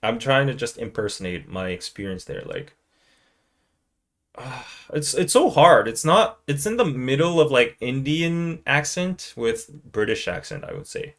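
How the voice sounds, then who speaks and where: A man's voice: mid-range voice, sing-song, a little slow, fairly bright tone. A man hosting a podcast, chatting in a loose, rambling way and now and then slipping into playful impressions. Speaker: podcast host. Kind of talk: casual live-stream chat.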